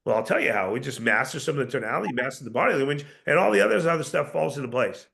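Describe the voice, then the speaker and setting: Gravelly-voiced male sales coach. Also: medium pitch, racing. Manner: energetic coaching, rhetorical questions, restarts. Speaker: sales trainer. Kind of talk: live training session.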